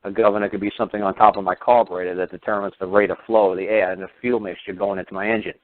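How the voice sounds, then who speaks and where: Fast-talking man on a tinny phone line. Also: fairly low pitch, flat delivery, dry recording. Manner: heated, sarcastic rhetorical questions, swearing. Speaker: radio show host. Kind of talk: ranting radio monologue.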